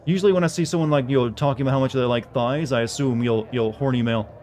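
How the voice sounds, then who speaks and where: A man streaming a video game, chatting casually in a dry monotone. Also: medium pitch, fast, slight background noise.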